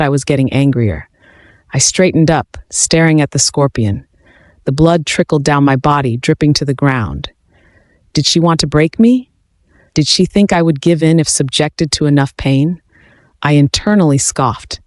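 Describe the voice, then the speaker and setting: A man reading a first-person fantasy story aloud in an even, steady narration. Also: a little high, dry recording, clean studio sound.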